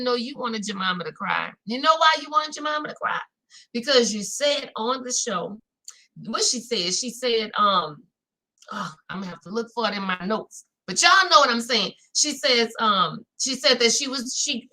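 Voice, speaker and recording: A woman's voice: sits high, sharp tone. A woman with a Louisiana accent hosting a casual recap chat, talking straight to her viewers. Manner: chatty, talks straight to viewers with "y'all". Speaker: host.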